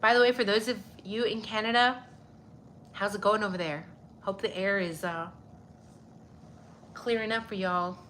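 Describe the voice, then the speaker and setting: A woman's voice: medium pitch, fairly even intonation, moderate pace, pauses often, fairly bright tone, slight background noise. A young woman hosting a casual livestream, greeting viewers by name and swearing freely, a little stuffy-nosed. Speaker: livestream host. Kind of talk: casual livestream chat reading viewer comments.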